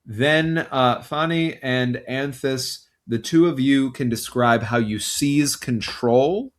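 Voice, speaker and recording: A man running a tabletop game as game master, enthusiastic and dramatic in his narration. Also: medium pitch.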